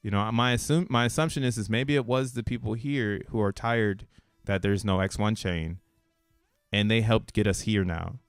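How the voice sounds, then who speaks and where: A man's voice: lowish voice, normal speed, clean tone, no room sound, clean studio sound, soft background music. A man hosting a crypto channel who talks casually over a chart, slangy and rambling and laughing between points. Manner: rambling, restarts thoughts mid-sentence.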